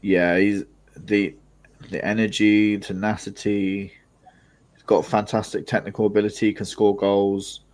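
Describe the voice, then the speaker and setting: Co-hosting a podcast's live football watchalong, this young man keeps things casual and laughs a lot. He speaks at a measured pace in a lowish, slightly mellow voice that doesn't move much in pitch.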